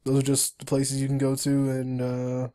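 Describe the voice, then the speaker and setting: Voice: mid-range voice, completely flat delivery, moderate pace, dark tone. A player walking through a game tutorial, reading the on-screen story aloud with chatty asides. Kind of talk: let's-play narration, reading game text aloud.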